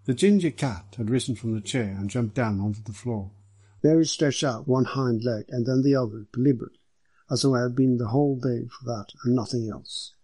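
A man narrating an audiobook in a steady, measured way. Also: medium pitch, slightly rough, dry recording, rough recording.

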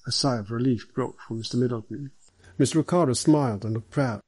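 A man reading a novel aloud as narrator, in a measured, even way. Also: medium pitch, slightly rough, no echo, poor audio. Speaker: audiobook narrator. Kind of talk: scripted narration.

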